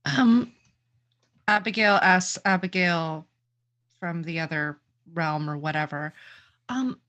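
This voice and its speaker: A woman's voice: fairly low pitch, lively intonation, slow pace, long pauses, fairly bright tone. A woman playing a tabletop role-playing game, asking curious questions. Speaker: player.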